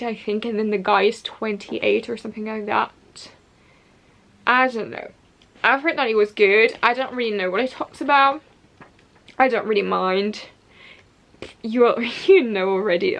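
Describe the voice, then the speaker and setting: Young woman rambling about her new books at home, slightly high voice, jumps between thoughts. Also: fairly bright tone. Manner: chatty and scattered, with restarts and asides. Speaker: book vlogger. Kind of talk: casual chat to camera.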